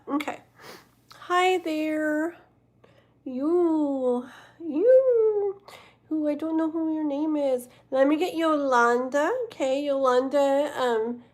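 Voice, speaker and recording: A woman's voice: a little high, vocal fry, darkish tone. Tired, chatty woman reading tarot live. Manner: chatty and rambling, talking to viewers in chat, many fillers and self-corrections. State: tired and yawning. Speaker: tarot reader hosting a livestream. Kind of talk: casual livestream chat.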